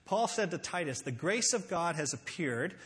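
A man preaching a sermon, earnest and emphatic, slowing down to read scripture aloud. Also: on the high side, expressive, a bit bright. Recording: long hall reverb.

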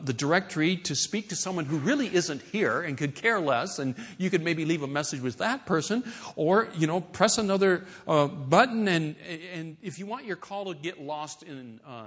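A middle-aged man preaching a sermon in a conversational, animated way, with playful asides. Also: a little high, moderate pace, hardly any pauses, breathy edge. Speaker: pastor.

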